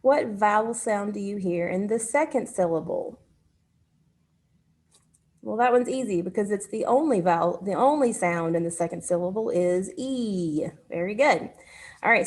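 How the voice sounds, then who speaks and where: A woman teaching a phonics lesson to children, speaking patiently and pausing for their answers. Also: medium pitch, expressive, darkish tone.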